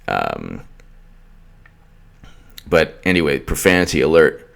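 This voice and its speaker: A deep, low-pitched man delivering an opinionated political rant. He mocks his targets, repeats himself and restarts his sentences as he goes. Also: very animated, slow pace, vocal fry. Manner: ranting, mocking, repetitive restarts. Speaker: political commentator.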